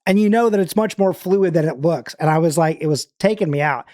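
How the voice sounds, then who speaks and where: A man's voice: a little high, fairly quick, warm tone, dry recording. Brief: male streamer, rambling casual chat, dry close sound. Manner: rambling, chatty, lots of fillers and restarts. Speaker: livestream host.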